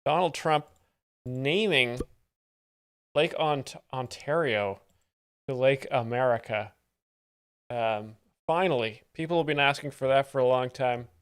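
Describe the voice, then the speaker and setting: A man hosting a live stream, commenting on comedy clips in a deadpan, sarcastic manner. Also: mid-range voice, unhurried, pauses often, smooth. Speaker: stream host explaining jokes.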